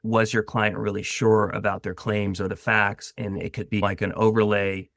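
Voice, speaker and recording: A man hosting a conversation, eagerly tossing out ideas and questions to his guest. His voice sits somewhat low. The sound is dry, with no room echo. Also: flat delivery, moderate pace, creaky, fairly bright tone. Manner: enthusiastic, poses ideas and questions. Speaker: podcast host. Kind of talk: conversational interview.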